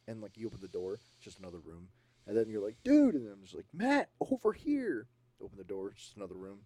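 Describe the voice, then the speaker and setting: A man co-hosting a casual podcast, telling scary stories in an animated way and acting out sounds and voices. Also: deep voice, very fast, no echo. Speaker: podcast co-host. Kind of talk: casual chat.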